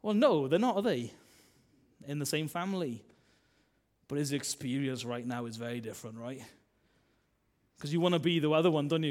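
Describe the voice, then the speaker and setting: In a chatty sermon, a male minister speaking with a mid-range voice keeps throwing in tag questions. His volume rises and falls as he preaches.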